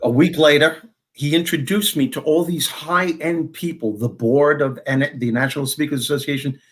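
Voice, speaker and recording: A middle-aged man from Long Island, a guest telling stories in an interview and acting out the dialogue. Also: fairly high pitch. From Long Island, New York. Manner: animated storyteller who acts out dialogue in quick bursts. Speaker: guest, motivational speaker and former comedian. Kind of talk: storytelling in a podcast interview.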